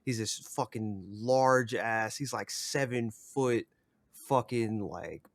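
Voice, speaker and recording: A man's voice: mid-range voice, takes it slowly, dry recording. Rambling, profane young man in a dry room. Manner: profane, rambling, filler-heavy. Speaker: podcast guest. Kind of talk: casual storytelling.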